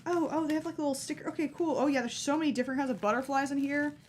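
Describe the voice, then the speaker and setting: Hiccuping through a casual unboxing chat, a woman opens a fan's care package on stream and gushes over every item, bubbly and easily delighted. She speaks very fast in a high, steady-toned voice over slight background noise.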